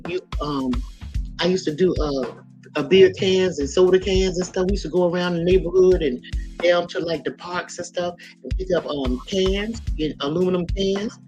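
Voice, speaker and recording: A woman hosting a casual livestream, telling lively, laughing stories and reading out viewers' comments. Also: deep voice. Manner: lively, laughing storyteller, talks straight to viewers. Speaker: livestream host. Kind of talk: casual storytelling and chat reading.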